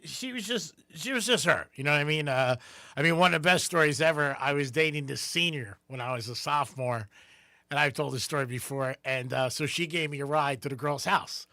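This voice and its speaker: A bright, forceful male voice with a fairly high pitch, telling stories in a relaxed radio chat. He keeps jumping up into a louder voice to act out the people he quotes. The studio sound is dry and close. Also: brisk, no echo. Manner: animated storyteller, acts out quotes in a raised voice. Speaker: radio show co-host. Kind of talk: casual radio storytelling.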